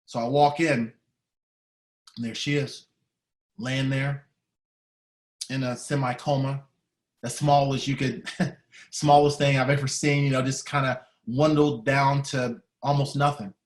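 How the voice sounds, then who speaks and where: A man giving an emotional storytelling speech, heartfelt and dramatic, shifting between loud and hushed. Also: medium pitch, level tone, unhurried, pauses often, roomy sound. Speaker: speaker at a staff training day.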